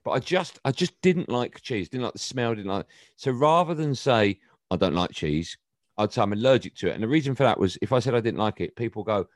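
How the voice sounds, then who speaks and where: A middle-aged English man chatting on a podcast, telling stories with a teasing, animated manner. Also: fairly low pitch, fast talker, no room sound, clean studio sound. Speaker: guest. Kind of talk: casual podcast chat.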